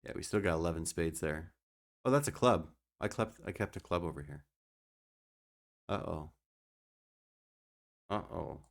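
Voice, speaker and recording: A man's voice: sits low, animated, brisk. A young man streaming a card game, explaining his moves and joking with his chat. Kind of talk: casual gameplay commentary.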